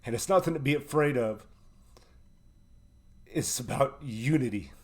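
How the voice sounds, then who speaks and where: Hosting a live online stream, a man with a mid-range, slightly rough voice speaks unhurriedly but expressively. He is preachy and emotional, swearing often and repeatedly asking "right?" as though speaking from the heart.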